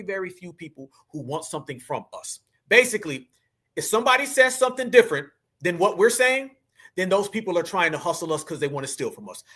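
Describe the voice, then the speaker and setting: Man host, high bright voice, preachy slang-heavy commentary. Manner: emphatic, preachy, slang-heavy, addresses audience as family. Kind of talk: reaction commentary to clips.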